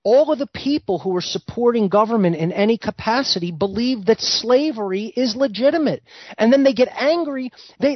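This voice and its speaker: A man's voice: sits high, no room sound. Vehement lecturing man, dull lo-fi sound. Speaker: host. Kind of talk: heated monologue. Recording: dull lo-fi recording.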